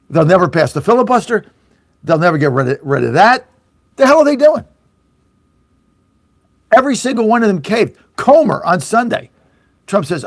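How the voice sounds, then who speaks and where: Fired-up, high-pitched angry talk host. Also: male voice, big pitch swings, normal speed, pauses often, dry recording, studio quality. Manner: angry, sarcastic, mocking voices of opponents; blunt, swears, repeats for emphasis. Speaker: radio talk show host. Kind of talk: fiery political talk radio rant.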